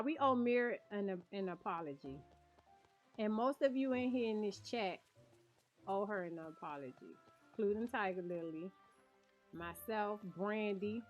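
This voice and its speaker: A woman with a slightly bright mid-range voice streams a cozy game, casually chatting with her viewers and laughing often. The stream audio is dull and lo-fi.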